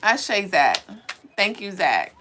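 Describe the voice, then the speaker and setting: A woman's voice: medium pitch, big pitch swings, slow pace, sharp tone, a little hiss or hum. Blunt preachy woman reading cards. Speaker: spiritual reader. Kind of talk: livestream spiritual card reading.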